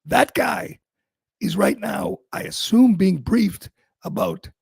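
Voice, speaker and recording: A man's voice: high voice, sing-song, slow, vocal fry, a little mellow, slightly rough, dry recording. A man hosting a talk radio show, delivering an opinionated monologue in a sarcastic, emphatic, mocking manner.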